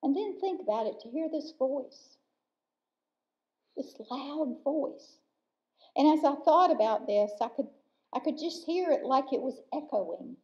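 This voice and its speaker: A woman preaching a sermon in a church, earnest and emphatic, slowing down to stress key words. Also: high voice, animated, a little mellow. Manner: earnest, slow and emphatic with pauses. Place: church sanctuary. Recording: dull lo-fi church recording.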